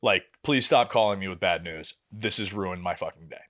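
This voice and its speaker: A young man, co-hosting a casual podcast and telling a frustrating story with animated, exasperated energy and plenty of swearing. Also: sits low, normal speed. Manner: animated, exasperated, swears freely, acts out quotes. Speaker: podcast co-host.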